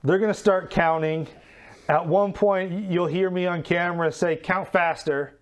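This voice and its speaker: A man's voice: sits high, steady tone, moderate pace, clear, resonant tone. A man giving casual commentary on old wrestling footage, candid and self-critical, swearing freely. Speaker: show host.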